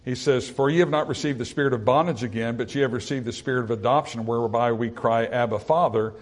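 Talking fast in a medium pitch, a man preaches, reading out scripture and explaining it in simple, conversational language. His delivery includes plain asides with fillers, and some stretches build via repetition toward stronger and stronger emphasis.

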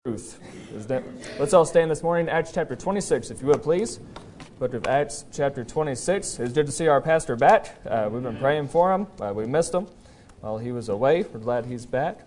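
A man preaching a sermon as pastor in a church service, in a folksy, conversational way with frequent "uh" pauses. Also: mid-range voice, animated, a little mellow. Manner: tells a joke story then presses the point earnestly.

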